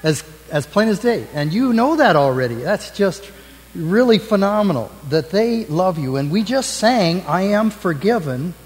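A man as pastor giving the children's message in church, gently asking the kids questions. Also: high-pitched, expressive, moderate pace, big-room sound, rough recording. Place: church sanctuary.

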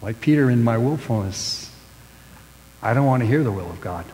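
A pastor preaching a sermon, with emphatic stresses that fall away into hushed line endings. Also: male voice, mid-range voice, animated, moderate pace, long reverb tail, slight background noise, low-quality recording.

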